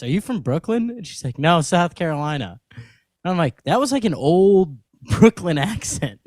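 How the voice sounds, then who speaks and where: Animated young man telling stories. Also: a little high, measured pace, dry recording, studio quality. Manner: animated storytelling, laughs often. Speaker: podcast co-host. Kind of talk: casual podcast banter.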